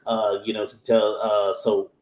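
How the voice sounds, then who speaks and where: A man's voice: fairly low pitch, monotone, a little slow, darkish tone. A man, casually recapping an anime episode in a rambling way and acting out the characters' lines. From Texas, USA. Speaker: anime podcast host. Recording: echoey room.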